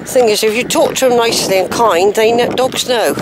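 A woman's voice: on the high side, brisk. A woman narrating a walking vlog outdoors on a lane, chatting and musing aloud to herself. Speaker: hiking vlogger. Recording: noisy outdoor recording with dogs barking.

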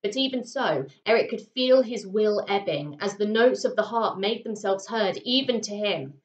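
A woman primary school teacher reading a children's story aloud, with an expressive delivery and dramatic pauses. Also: mid-range voice. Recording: roomy, slightly muffled home recording.

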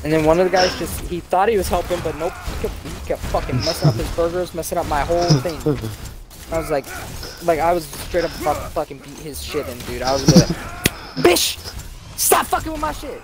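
A man's voice: a little high, fast, over music. A young man chatting while he streams a game, telling profane stories about his workday with lots of energy. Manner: animated, profane storytelling. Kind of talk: casual chat while gaming. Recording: noisy background.

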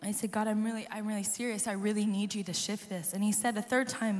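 A woman worship leader, hoarse and losing her voice, telling an earnest personal testimony to a live audience. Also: mid-range voice, steady tone, fast. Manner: earnest, storytelling, talks to the crowd. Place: large conference hall. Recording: live hall reverb with soft music.

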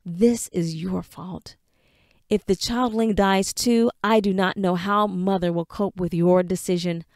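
A woman's voice: lowish voice, fairly even intonation, unhurried, a little mellow, no echo. Earnest grieving young man as read by a woman, pleading, proud, dry close sound. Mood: defiant, hurt. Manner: earnest, pleading, holding back tears.

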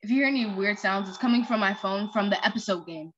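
A woman's voice: medium pitch, quick pace, fairly bright tone, a little hiss or hum. A young woman chatting casually over a story game, rambling with many fillers. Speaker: game playthrough host. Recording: lo-fi muffled recording.

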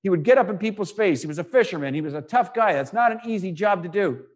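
A male preacher giving a sermon, reading scripture aloud and expounding it with rhetorical questions and repeated phrases, swinging between loud and hushed delivery. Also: high-pitched, animated, fast.

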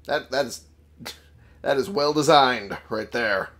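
A man's voice: mid-range voice, slow pace, a bit bright. A man casually commenting on a game he is playing, goofy and joking, swearing freely. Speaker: let's play gamer.

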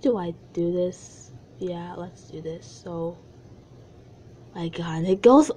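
A woman's voice: lowish voice, takes it slowly, pauses often, dark tone, husky, low-quality recording. A young adult woman vlogger reading aloud her old childhood stories and reacting to them, exasperated, with whispered asides.

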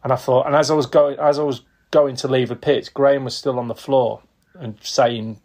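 A man's voice: mid-range voice, normal speed. A man in his fifties, a retired footballer and podcast guest, telling anecdotes in casual talk, acting out quotes and laughing often. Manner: lively storyteller who acts out quotes and laughs often.

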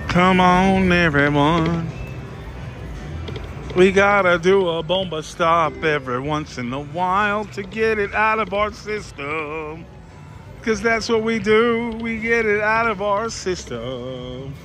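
A man vlogging at slot machines, talking to his viewers with sudden excited outbursts. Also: sits high, slow pace. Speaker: casino vlogger. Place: casino floor. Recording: loud music behind voice. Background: loud casino machine music.

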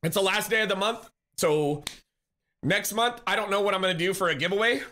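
A man's voice: sits high, fairly quick, pushed and bright, a little hiss or hum. A man live-streaming, chatting casually with viewers, reading chat, greeting people and laughing often in a teasing way.

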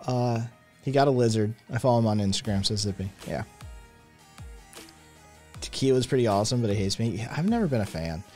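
A man hosting a casual livestream, reading chat messages aloud and answering them with loud, profane, animated opinions. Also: lowish voice, fairly quick, long pauses, faint music behind. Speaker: podcast host reading live chat.

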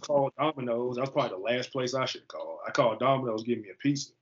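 A man in his thirties from the US East Coast, a football player telling his story as a guest on an interview show. He talks in an animated, slangy way. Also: medium pitch, fast talker. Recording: slightly muffled lo-fi recording.

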